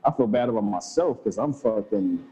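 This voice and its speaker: A man in his thirties chatting casually with a friend about fatherhood, in relaxed slang with frequent swearing. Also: lowish voice, moderate pace, slight background noise, poor audio. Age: 30s. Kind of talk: casual chat.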